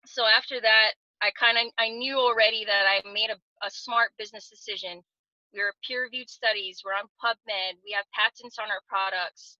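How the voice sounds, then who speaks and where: A woman's voice: a little high, a little fast, bright, forceful tone, no echo. Earnest woman on a dull video call. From Hawaii. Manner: earnest, many fillers and restarts. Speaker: guest giving a testimonial on a video call. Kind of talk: casual personal story.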